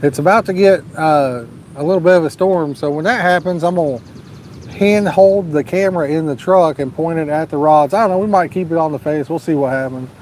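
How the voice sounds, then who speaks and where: Man, slightly high voice, relaxed livestream chatter, faint outdoor hiss. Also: a little fast. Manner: laid-back, drawling, urges viewers to like and subscribe. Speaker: fishing livestream host. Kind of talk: casual live-stream chat, reading viewer comments. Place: outdoors at a lake at night, storm nearby.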